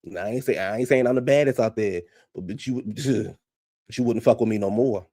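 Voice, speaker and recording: Guy ranting about a reality show, cussing a lot, mellow darker voice, dry close sound. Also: medium pitch, a little fast, no echo. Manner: profane, blunt and animated, laughs often. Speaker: reality TV reaction commentator. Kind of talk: casual reaction commentary.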